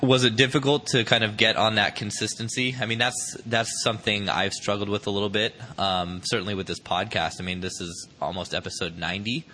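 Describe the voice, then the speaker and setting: A man's voice: on the low side, steady tone, brisk, few pauses, pushed and bright, a little hiss or hum. A man hosting a podcast, talking candidly and reflectively, swearing casually. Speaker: podcast host. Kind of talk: conversational podcast interview.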